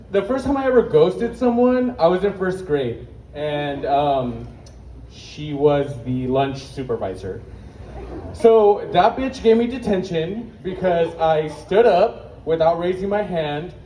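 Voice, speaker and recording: A young man's voice, a little high and mellow, delivers brash and profane stand-up stories at an open mic, out of breath at times. The recording, made at an outdoor market stage, sounds distant and echoey with faint noise.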